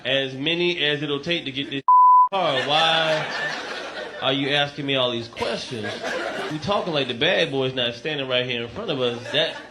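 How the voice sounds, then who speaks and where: A man doing a stand-up set with loud, punchy delivery. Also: mid-range voice, normal speed, heavy background noise. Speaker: stand-up comedian.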